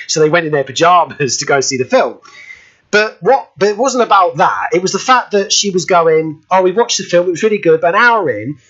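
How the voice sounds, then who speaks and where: British guy hosting a radio show, chatty and excitable, kinda dull lo-fi sound. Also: a little high. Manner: excitable, bursts into laughter, does impressions. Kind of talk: casual chat.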